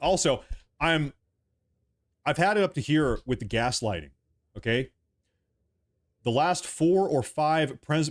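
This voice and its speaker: A man in his early thirties from the United States, giving a heated political rant full of repetition and swearing. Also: fairly high pitch. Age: 30s. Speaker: political commentator.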